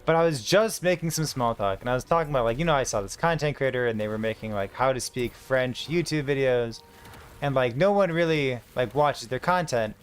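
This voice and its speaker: A man's voice: mid-range voice, fairly quick, clear, resonant tone. A man in his thirties chatting casually while streaming a game, rambling through a story with lots of fillers. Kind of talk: casual gaming stream chat.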